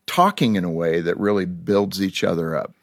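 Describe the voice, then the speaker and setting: A man's voice: low-pitched, moderate pace, dry recording, clean studio sound. A middle-aged man hosting a talk show, chatting casually and joking with his guests. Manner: lively, joking, laughs easily. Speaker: radio show host.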